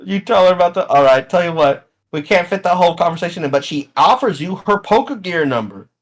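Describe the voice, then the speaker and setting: Male game master, slightly high, relaxed halting narration.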